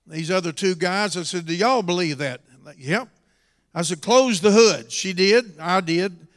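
A middle-aged man preaching a storytelling sermon in a church, dropping to a quiet telling voice and rising to shouts. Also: sits high, unhurried. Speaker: pastor. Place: church hall. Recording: long hall reverb.

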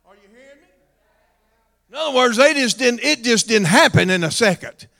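A pastor preaching a sermon, swinging between shouted calls to the congregation and hushed, drawn-out storytelling. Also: male voice, extremely high pitch, expressive, creaky. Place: church sanctuary. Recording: long reverb of a church hall.

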